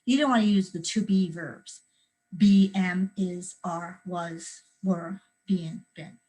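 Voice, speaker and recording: Animated woman teaching kids to write. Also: fairly low pitch, takes it slowly, low-quality recording. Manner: lively, acts out scenes with sound effects and screams. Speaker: children's author leading a writing workshop. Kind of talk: teaching kids creative writing.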